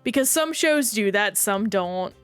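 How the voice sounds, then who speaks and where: A woman's voice: medium pitch, lively intonation, measured pace, smooth, faint music behind. A woman streaming a game, chatting casually and rambling while reacting to play and chat.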